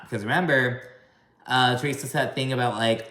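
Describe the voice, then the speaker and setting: A man's voice: medium pitch, quick pace, a bit bright, reverberant. A man giving a casual, chatty video recap of a reality show, gossipy and full of swearing.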